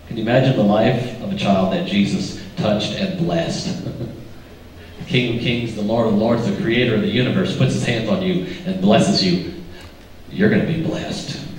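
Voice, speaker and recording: A man's voice: medium pitch, slight background noise. An older man preaching a sermon as pastor, folksy and joking, quizzing the congregation as he goes. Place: church sanctuary. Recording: echoey church from a distance.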